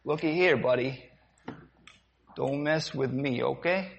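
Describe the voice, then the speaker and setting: A man's voice: mid-range voice, takes it slowly, creaky. A man playing a brutish, swaggering slave-ship sailor who taunts and threatens, in a dramatic demonstration during a sermon. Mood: sneering. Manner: taunting, threatening, calls people mate and buddy. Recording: dull sound, long hall reverb.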